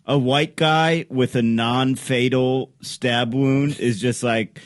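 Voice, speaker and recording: A man's voice: medium pitch, steady tone, slow pace, few pauses. A man co-hosting a podcast, laughing along and riffing on a guest's story in casual chat. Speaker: podcast co-host.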